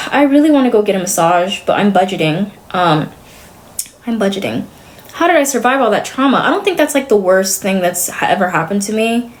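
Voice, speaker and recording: A woman's voice: mid-range voice, animated, brisk. A young adult woman streamer chatting casually to her viewers, blunt and sarcastic, swearing freely.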